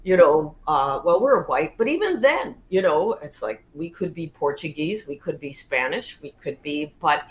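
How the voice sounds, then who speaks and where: Female co-host, lowish voice, halting conversational delivery. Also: big pitch swings, low-quality recording. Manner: hesitant, full of fillers. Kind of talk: casual interview chat.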